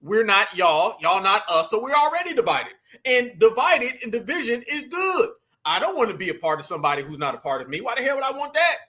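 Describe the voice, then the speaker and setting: A man's voice: sits high, very animated, fairly quick, sharp tone. A man hosting a reaction commentary, talking to viewers as family in a mocking, emphatic way. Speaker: commentary channel host.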